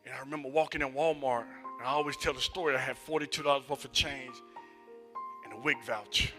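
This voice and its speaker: A man preaching a sermon and telling personal stories, moving between loud emphatic passages and hushed near-whispers. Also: medium pitch, fast, music in the background. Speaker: associate minister. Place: church sanctuary.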